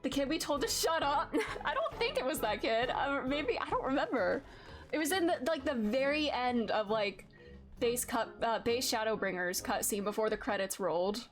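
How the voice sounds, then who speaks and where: A woman's voice: high-pitched, expressive, normal speed, soft background music. A woman streamer in casual game commentary, rambling and interrupting herself.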